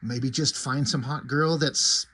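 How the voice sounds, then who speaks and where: A man's voice: mid-range voice, steady tone, slow pace, bright, forceful tone, slightly rough. A man in his forties giving a casual, crude and rambling comic read-through. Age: 40s. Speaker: comic book reviewer.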